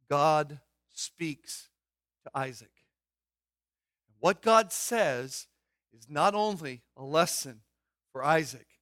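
A man's voice: fairly high pitch, fairly bright tone, no room sound, clean studio sound. A man preaching a sermon in an emphatic way, asking rhetorical questions and dropping his voice to stress points. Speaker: pastor.

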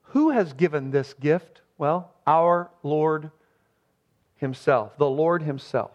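A man's voice: a little high, animated, slow. A man preaching an expository sermon as pastor. He speaks emphatically and poses rhetorical questions to his listeners. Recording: dull lo-fi recording.

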